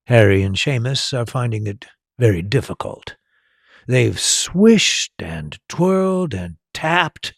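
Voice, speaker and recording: Slow gravelly male storyteller. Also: medium pitch, dry recording, clean studio sound. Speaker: storyteller and tour guide. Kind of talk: storybook narration.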